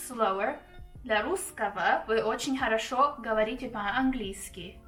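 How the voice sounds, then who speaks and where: A young woman, a native Russian speaker from Russia, hosting a casual reaction video with chatty, animated commentary and quick laughs. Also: a little high, recorded from a distance. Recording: roomy echo, off-mic, faint music underneath.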